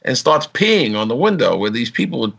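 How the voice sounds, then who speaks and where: A man's voice: medium pitch, brisk, gravelly, breathy edge. A man telling police stories in a casual chat, acting out the voices of the people he describes. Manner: animated storyteller, acts out quotes.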